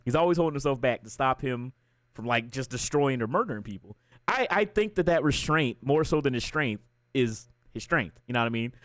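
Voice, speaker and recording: A man's voice: medium pitch, fairly quick, dry recording, studio quality. A man livestreaming and chatting casually, ranting with lots of swearing while retelling a story. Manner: profane, ranting, animated storytelling. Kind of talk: casual chat.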